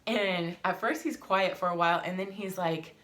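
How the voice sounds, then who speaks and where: Young adult woman, family vlogger, lowish voice, heated and blunt storyteller. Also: normal speed, fairly bright tone. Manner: heated, emphatic retelling with swearing. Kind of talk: casual vlog storytelling.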